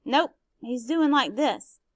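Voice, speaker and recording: A woman's voice: high voice, expressive, slow pace, dry recording. A woman reading a novel aloud, voicing an earnest, anxious young boy with an eager, pleading tone.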